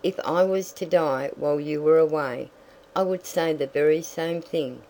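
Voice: medium pitch, moderate pace, a little mellow, natural voice, poor audio. A reader voicing a stoic, plain-spoken farm mother in an audiobook, firm and direct. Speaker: story character. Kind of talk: audiobook reading.

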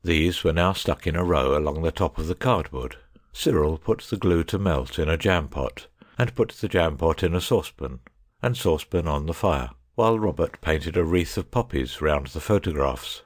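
Very deep-voiced male narrator. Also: expressive, moderate pace, no echo, clean studio sound. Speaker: audiobook narrator. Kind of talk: scripted narration.

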